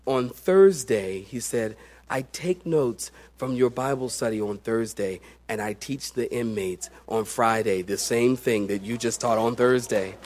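A middle-aged man, a pastor, preaching a sermon in an animated storytelling manner that swings between loud excitement and hushed tones. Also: mid-range voice.

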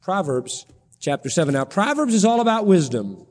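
A high-pitched man preaches with fervent, pleading intensity, his voice leaping up at the peaks of each point. His words ring out with a long reverb, as in a large hall. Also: sing-song, normal speed, darkish tone. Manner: impassioned, pleading preaching with sudden rises in pitch. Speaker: pastor. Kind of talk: sermon.

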